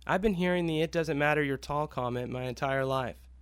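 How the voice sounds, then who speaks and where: A man's voice: fairly high pitch, brisk, clear, resonant tone, no room sound, close to an everyday voice. A man voicing a good-natured, witty tall man who plays at being indignant. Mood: mock-indignant. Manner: mock-indignant, playful joking.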